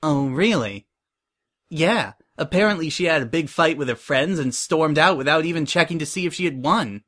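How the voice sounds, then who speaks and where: A man's voice: a little high, brisk, a bit bright, pitched above the performer's own voice. A man voicing a rude, bossy young female pony designer with a scoffing manner. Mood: sly. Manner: scoffing, demanding.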